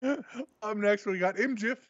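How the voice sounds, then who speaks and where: Giggly high-voiced man, lo-fi audio. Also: unhurried, a bit bright, no echo. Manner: giggly, easily amused. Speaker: wrestling show co-host. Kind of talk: casual podcast banter.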